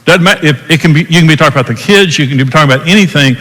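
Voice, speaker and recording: A man's voice: on the high side, racing, fairly bright tone, big-room sound, rough recording. An older man giving a folksy teaching talk on marriage, repeating himself and acting out different tones of voice.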